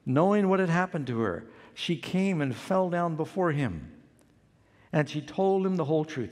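A man's voice: mid-range voice, a little mellow, long reverb tail. An older man preaching a sermon as pastor, telling a story and acting out the quoted voices.

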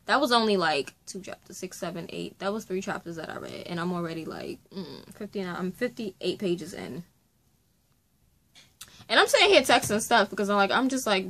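A woman talking through her reactions to a book in a casual vlog, her voice at a middling pitch. She is animated and exclamatory and uses lots of slang. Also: normal speed. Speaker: book vlogger.

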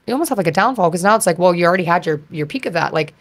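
A woman in her thirties, a podcast guest, talking in a chatty, animated way with lots of fillers. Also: on the low side, rapid-fire. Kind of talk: casual conversation.

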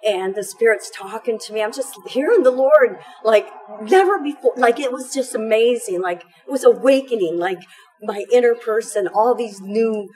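A woman's voice: fairly high pitch, animated, moderate pace, darkish tone, poor audio. A middle-aged woman giving an emotional personal testimony about her faith, telling it in a fervent, tumbling way full of fillers.

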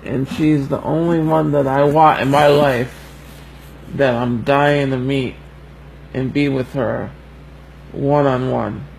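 Slow, gravelly-voiced man near tears. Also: mid-range voice, fairly even intonation, a little mellow, slight background noise, low-quality recording. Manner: slow, halting and heartfelt, fighting back tears. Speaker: livestreamer. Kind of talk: emotional birthday message on a livestream.

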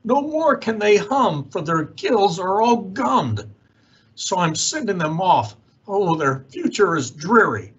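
A man voicing the Lorax, a grumpy old creature who scolds slowly in a croaking voice. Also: sits high, dull audio, heavily acted. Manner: slow, scolding, croaking complaints.

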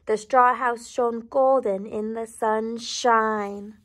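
A woman reading a storybook aloud to children, pausing to ask questions and dropping into soft whispered asides. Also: a little high, fairly even intonation. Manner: gentle, asks the listener questions, whispered asides.

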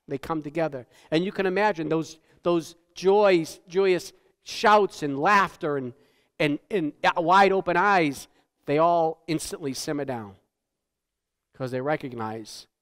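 Guy preaching in church, voice a bit on the high side, long echo off the hall, chatty, keeps asking right?, gets real quiet on the serious stuff. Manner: conversational preaching, dropping to a hush for solemn points; tag questions, repeats words. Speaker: pastor. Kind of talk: sermon. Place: church sanctuary.

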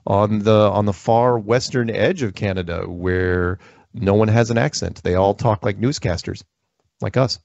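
A man's voice: lowish voice, a little slow, vocal fry, darkish tone, no room sound, muffled recording. A man hosting a call-in show, joking and rambling, laughing often. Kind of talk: casual call-in chat.

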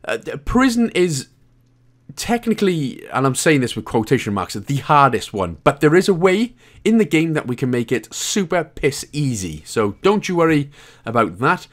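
A man's voice: mid-range voice, huge pitch swings, normal speed, a bit bright. A Welsh man hosting a game walkthrough guide, giving jokey, chatty commentary with casual swearing. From Wales. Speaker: gaming guide host.

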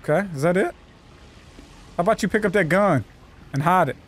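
Loud, joking man playing a game. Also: sits high, a little fast. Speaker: gameplay commentator. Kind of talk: let's play commentary.

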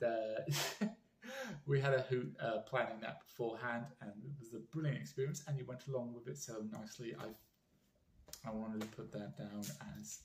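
A man's voice: mid-range voice, a little mellow. A man with a British accent giving a heartfelt, rambling fan message with frequent restarts. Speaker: fan vlogger. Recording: roomy echo.

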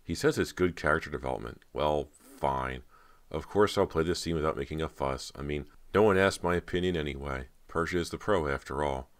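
A man voicing a nervous, emotional teenage girl, his voice lifting higher as she pleads. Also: fairly quick. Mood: brooding. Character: anxious teenage girl, eager and yearning.

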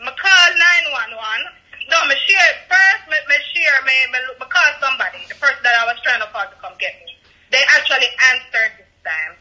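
A Jamaican man with a very high, sharply bright voice, talking in a rambling, repetitive way and slipping into patois. He sounds emotional, close to tears, as he tells his story on a live call. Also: lively intonation, brisk, poor audio. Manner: rambling, repeats himself, slips into patois. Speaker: guest telling his story.

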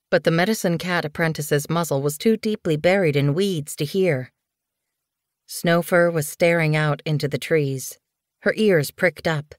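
A woman narrating an animal story audiobook in a clear, measured, scripted reading. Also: low voice, no room sound, clean studio sound.

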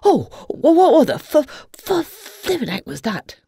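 A storyteller voicing a sly, hungry male fox villain who drawls slowly. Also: medium pitch, sing-song, warm tone, dry recording, clean studio sound, voice pushed down, heavily acted. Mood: startled.

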